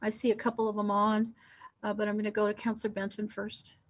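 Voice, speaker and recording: A woman presiding over a city council meeting, briskly calling on speakers. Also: medium pitch, monotone. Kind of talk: chairing a meeting.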